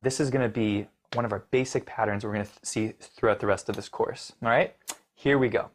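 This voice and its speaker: A man's voice: fairly low pitch, fairly even intonation, fairly quick. A man teaching piano, explaining rhythm step by step with encouragement and counting the beats aloud. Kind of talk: instructional lesson. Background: piano playing.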